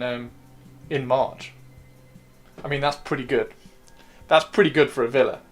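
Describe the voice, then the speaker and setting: A man's voice: mid-range voice, fairly bright tone. A man hosting a casual livestream, chatting and joking in a rambling, playful way and repeating himself as he talks. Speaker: livestream host.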